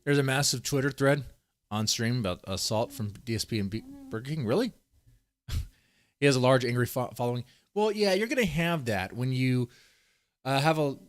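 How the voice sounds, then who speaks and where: A man's voice: mid-range voice, no room sound, studio quality. A man giving rambling, profane casual commentary, often restarting his sentences as he reads posts on screen. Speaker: commentary streamer.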